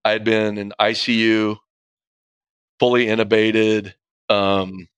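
A man's voice: lowish voice, little pitch movement, slow pace, clear, resonant tone, no echo. A middle-aged man, a guest, candidly retelling a personal story in vivid, profane detail. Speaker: guest, police officer.

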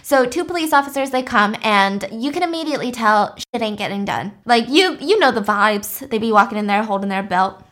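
A woman's voice: on the high side, expressive, brisk, fairly bright tone. Chatty young woman telling a story. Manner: chatty, lots of "like", acts out quotes. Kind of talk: casual storytelling.

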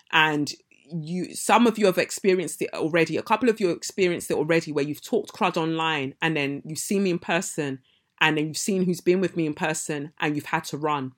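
A woman hosting a podcast, telling a story in a heated, emphatic casual monologue. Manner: emphatic, heated, rises in pitch and loudness when indignant. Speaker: podcast host.

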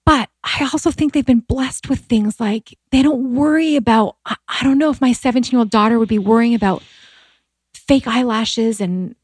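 A woman's voice: a little high, moderate pace, slightly rough, dry recording. A woman in her forties, a guest telling personal stories in candid, heartfelt conversation, with many fillers and a voice that rises when she is moved. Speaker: podcast guest.

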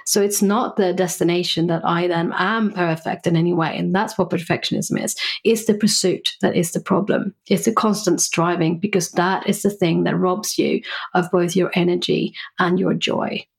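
A woman's voice: on the low side, fairly even intonation, normal speed, vocal fry, husky. A woman, a psychologist and coach, speaking thoughtfully as a podcast guest and explaining ideas through examples. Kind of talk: reflective podcast interview.

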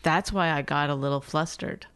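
A woman's voice: deep voice, clear, resonant tone. Giggly woman teasing her co-host. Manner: teasing, giggly, with sudden loud mock voices; halting, many restarts and fillers. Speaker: podcast co-host. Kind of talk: casual comedic banter.

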